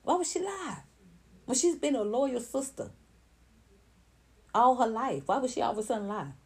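A woman giving blunt, animated celebrity gossip commentary on her own channel. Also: on the high side, moderate pace. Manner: animated, blunt, rising to heated outbursts. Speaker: commentary vlogger.

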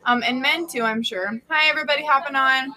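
A woman's voice: high-pitched, fairly quick, crowd noise, poor audio. A woman hosting a casual live-stream chat with a friend, bubbly and chatty, laughing often. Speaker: host.

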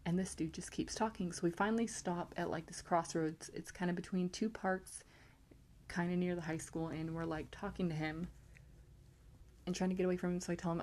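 A woman's voice: lowish voice, fairly even intonation, a little fast, a little mellow, a little hiss or hum. A young woman from California casually telling a creepy personal story, rambling with lots of likes and ums. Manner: rambling, heavy use of like and um. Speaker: podcast host.

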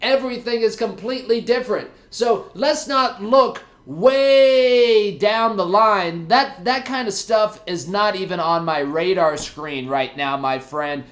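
A young man hosting a casual podcast to camera, energetic and jokey as he chats with his viewers. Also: high voice. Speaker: podcast host. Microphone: camera mic.

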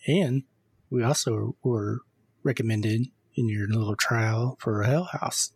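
A man's voice: medium pitch, takes it slowly, a little mellow, husky, no room sound. A middle-aged man hosting a podcast in casual chat, laid-back and wry. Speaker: podcast host.

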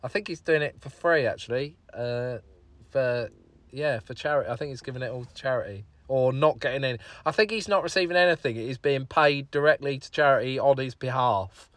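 A man's voice: mid-range voice, fairly quick, fairly bright tone, no room sound. A man hosting a podcast on his own, chatting in a rambling, self-deprecating way and swearing casually. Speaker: podcast host. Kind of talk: casual solo podcast chat.

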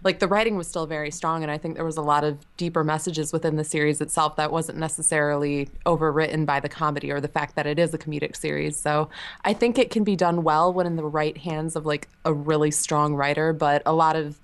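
A woman's voice: low voice, fairly even intonation, fast talker, clean tone. A woman guesting on a casual podcast, answering in an articulate, thoughtful way.

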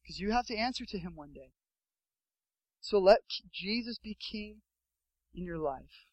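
A young adult man preaching a sermon as pastor, telling a story with lively acted-out quotes. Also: high voice, a little slow, dry recording, poor audio.

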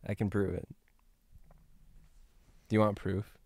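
A man's voice: lowish voice, level tone, slow, vocal fry, darkish tone, no room sound. A young man co-hosting a podcast, teasing his friend in casual banter. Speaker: podcast co-host. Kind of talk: casual chat.

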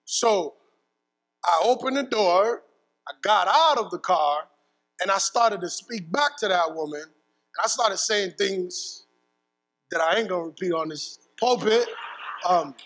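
A man preaching from the pulpit, telling a personal story in a lively, casual way with bits of slang. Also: sits high, measured pace, long pauses, big-room sound, poor audio. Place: church pulpit.

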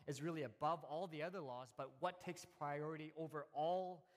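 A man in his thirties preaching a conversational sermon, telling stories in a relaxed way with many fillers and restarts. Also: a little high, moderate pace, long reverb tail. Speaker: pastor.

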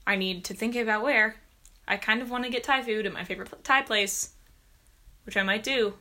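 A woman's voice: mid-range voice, fairly quick, bright, forceful tone. A teenage girl co-hosting a podcast in casual chat, bubbly, joking and self-assured. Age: teens. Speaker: podcast co-host.

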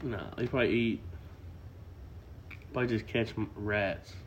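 A man's voice: fairly low pitch, fairly even intonation, moderate pace, a little hiss or hum. A young man co-hosting a podcast, joking, teasing and swearing freely in casual chat. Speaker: podcast co-host.

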